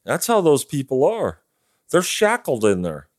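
A man's voice: fairly high pitch, unhurried, dry recording, clean studio sound. A man who preaches on the street tells an emotional story in an interview and acts out the dialogue with earnest energy. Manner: earnest and animated, acting out quoted dialogue.

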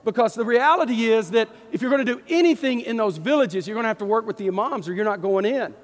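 A middle-aged man, a Baptist pastor from East Texas with a Texan accent, telling a story in a folksy, animated sermon. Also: high voice, fast talker. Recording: long hall reverb.

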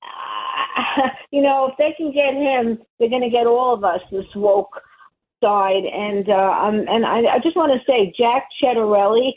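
A woman's voice: a little high, unhurried. A woman calling in to a radio show, chatty and rambling. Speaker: caller. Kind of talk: phone call to radio show. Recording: tinny phone line.

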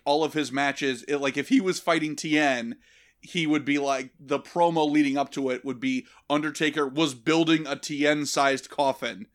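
A man hosting a casual comedy podcast, telling a story with lots of swearing, laughter and put-on voices. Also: a little high. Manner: animated, profane, laughing storyteller.

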